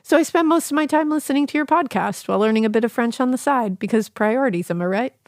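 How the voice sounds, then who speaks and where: A woman's voice: fairly high pitch, animated, quick pace, darkish tone, no echo, studio quality. A woman co-hosting a podcast, reading a listener's ghost story aloud with laughing asides and casual swearing.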